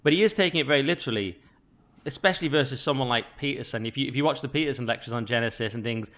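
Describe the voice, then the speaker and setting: Guy hosting a chatty podcast, talks really fast, lots of asides and restarts. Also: mid-range voice, fairly bright tone. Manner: rambling, restarts, quick asides. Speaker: podcast host. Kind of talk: casual podcast conversation.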